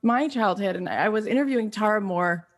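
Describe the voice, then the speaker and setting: A woman podcast host on a group call, telling personal stories in an animated way with lots of "like" fillers. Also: mid-range voice, a little fast. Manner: animated, acts out quotes, many "like" fillers. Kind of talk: emotional storytelling in casual chat.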